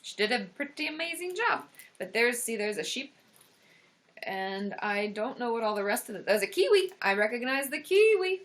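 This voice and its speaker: A woman therapist hosting a casual livestream, excitable and gushing, full of gasps and exclamations. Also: a little high, normal speed. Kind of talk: casual live-stream chat.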